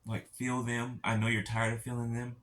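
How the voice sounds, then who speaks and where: A man speaking gently to his viewers in a heartfelt spiritual encouragement talk, halting and repeating himself as he reassures them. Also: medium pitch, monotone. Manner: gentle, halting, keeps asking "right?".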